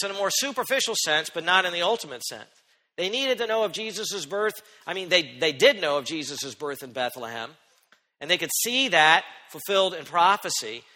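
Bright-voiced preacher man in a reverberant hall. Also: a little high, fairly quick. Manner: expressive, rising to loud emphatic quotes and dropping to quiet asides. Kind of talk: sermon.

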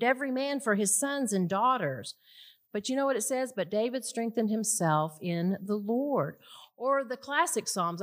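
A woman teaching scripture to a women's audience, emphatic, asking rhetorical questions and pausing for effect. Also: on the high side. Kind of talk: sermon.

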